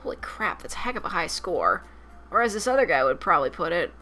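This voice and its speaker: A young woman streamer reading a dating sim aloud with loud, profane, expressive commentary. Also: on the low side, fast, soft background music.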